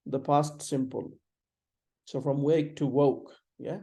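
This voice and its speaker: A man's voice: fairly high pitch, steady tone, normal speed, mellow. A man teaching English pronunciation. He repeats words and sentences and corrects how they are said. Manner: gives corrections while marking a screen. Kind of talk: pronunciation lesson.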